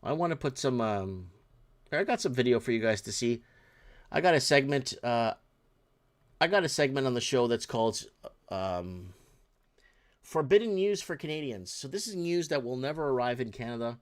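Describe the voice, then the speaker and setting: A man's voice: medium pitch, sing-song, moderate pace, long pauses. A man hosting his own podcast, giving casual, exasperated news commentary, rambling with frequent restarts and fillers. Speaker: podcast host.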